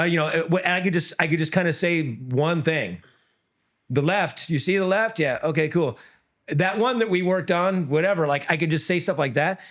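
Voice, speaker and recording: A middle-aged man, an MMA coach and former comedian, chatting on a podcast, telling animated stories and breaking into loud, high quoted voices. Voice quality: often breaks off and restarts sentences. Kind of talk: casual podcast chat.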